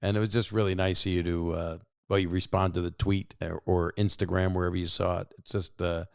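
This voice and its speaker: An older man hosts a podcast, rambling through jokes and stories and often breaking off mid-sentence. His voice sits low and is smooth and resonant. It is recorded close and dry. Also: flat delivery, a little fast, no room sound. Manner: rambling, self-interrupting, jokey. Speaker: podcast host calling listeners. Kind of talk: casual phone chat and rambling monologue.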